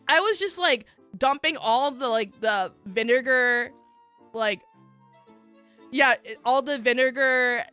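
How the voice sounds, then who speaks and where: A young adult American woman with a high, smooth voice and a sharp tone is streaming a casual chat as a VTuber. She tells rambling stories packed with fillers like "like" and laughs often.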